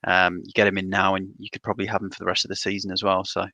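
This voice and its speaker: A man's voice: low-pitched, completely flat delivery, racing, sharp tone, no room sound. A man giving his picks as a pundit on a casual panel, easygoing and trailing off with a loose "so".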